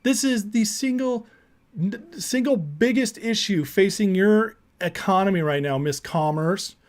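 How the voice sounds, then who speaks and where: A man's voice: high-pitched, a little slow. A man hosting a political commentary show, ranting emphatically and indignantly, often repeating words.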